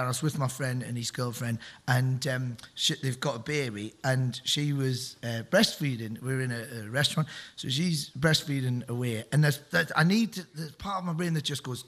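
Bright, rambling male comedian guest. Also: medium pitch. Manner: rambling, animated storytelling with laughs. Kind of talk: anecdotal chat.

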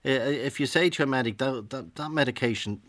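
A man's voice: medium pitch, brisk, fairly bright tone. An Irish man hosting a radio phone-in, cutting in with probing questions. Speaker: radio host. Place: radio studio.

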